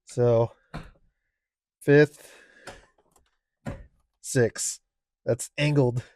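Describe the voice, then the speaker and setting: A man's voice: medium pitch, fairly even intonation, darkish tone. A man, out of breath in a cold, dim home garage, casually talking through car parts with lots of fillers and restarts. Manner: halting, filler-heavy explaining. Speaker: car enthusiast vlogger.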